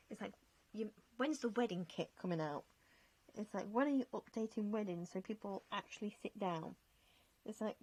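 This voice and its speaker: A woman's voice: medium pitch, darkish tone. A young woman chatting casually over gameplay, self-mocking and laughing often as she talks through her choices. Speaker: game vlogger.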